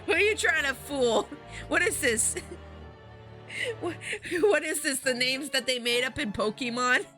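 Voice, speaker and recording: A woman's voice: high-pitched, unhurried, sharp tone. A woman chatting casually on a game stream, giggly and talkative, addressing her viewers. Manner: giggly, chatty, talks to chat and her pet. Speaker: streamer reading a visual-novel game aloud. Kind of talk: casual live-stream chat. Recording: game music behind the voice.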